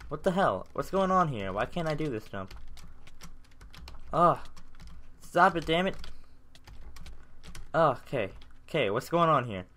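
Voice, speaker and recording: A young man with a sore throat talks through his gameplay in a bright, forward voice. He rants and swears as jump after jump goes wrong. His commentary stays loose and casual, with a middling pitch. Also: expressive, a little fast. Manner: frustrated, ranting, swearing at failed jumps. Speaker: gaming channel host.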